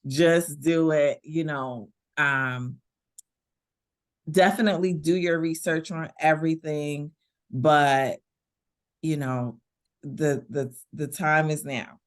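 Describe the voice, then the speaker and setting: A woman, a guest in a casual interview, talking in a relaxed, conversational way and laughing easily. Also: low-pitched, takes it slowly. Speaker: guest, veteran business owner.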